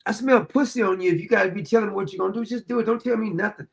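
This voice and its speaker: Gravelly high-voiced man ranting defiantly. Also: racing. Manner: blunt, defiant, profane, repeats himself. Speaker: political commentary show host. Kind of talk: unscripted political rant.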